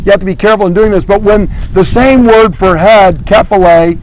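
A man's voice: high voice, steady tone, a little fast, rough recording. A middle-aged man preaching a sermon as pastor, earnestly asking his congregation questions as he teaches.

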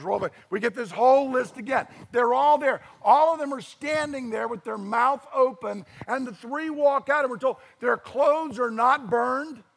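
A middle-aged man preaching a sermon as pastor, telling the story with animated, acted-out voices. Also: sits high, creaky, slightly rough, long reverb tail.

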